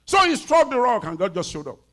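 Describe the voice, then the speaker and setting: A man in his fifties preaching a sermon as pastor, animated, with sudden shouts and soft asides. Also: very high-pitched, fairly quick. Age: 50s.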